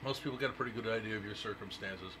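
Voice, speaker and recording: A man's voice: fairly low pitch, racing. A man hosting a talk radio show in casual chat, joking and blunt, swearing freely. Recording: noisy live radio stream.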